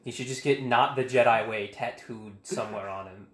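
A man's voice: mid-range voice, moderate pace, fairly bright tone. A man co-hosting a podcast, chiming in with dry, teasing jokes. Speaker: podcast co-host. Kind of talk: casual podcast chat. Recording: echoey room.

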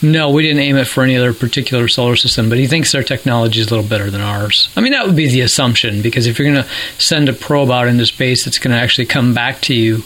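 A man's voice: medium pitch, quick pace, few pauses, fairly bright tone, slight background noise, low-quality recording. A man explaining things in a casual podcast chat, with jokey asides.

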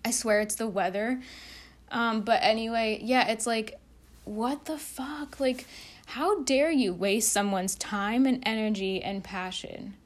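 A woman's voice: a little high, unhurried. A woman talking candidly to camera in a rambling, casual monologue, dropping lots of fillers and the odd swear word. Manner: rambling, frank, swears, heavy use of "like". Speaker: vlogger.

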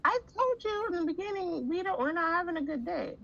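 A woman co-hosting a podcast in casual chat, calm, dry and amused. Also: very high voice, brisk, creaky, dull audio. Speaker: podcast co-host.

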